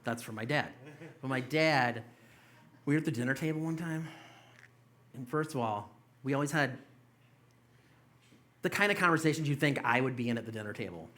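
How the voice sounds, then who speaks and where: Profane stand-up comic, bright voice. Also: male voice, mid-range voice, moderate pace, long pauses. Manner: loose, profane storytelling with mocking quoted voices. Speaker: stand-up comedian. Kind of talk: stand-up set. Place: small comedy club stage.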